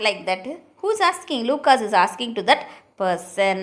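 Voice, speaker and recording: Woman teacher, higher voice, reads a line then explains it with quick questions. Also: sing-song. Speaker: English teacher. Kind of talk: explaining a prose text line by line.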